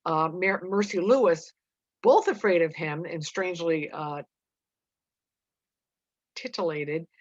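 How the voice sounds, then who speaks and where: A woman teaches a play to homeschoolers, reading it aloud and explaining in plain words with frequent fillers. Her voice is low for a woman. The recording is dull and dry, with no room sound. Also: slow pace, long pauses, no echo. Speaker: literature teacher.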